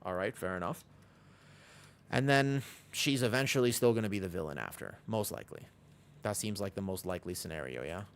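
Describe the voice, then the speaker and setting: A man's voice: deep voice, animated, fairly quick, slight background noise. A man streaming a game, chatting casually with viewers in a rambling way. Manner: rambling, lots of "like" fillers. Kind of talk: casual livestream chat.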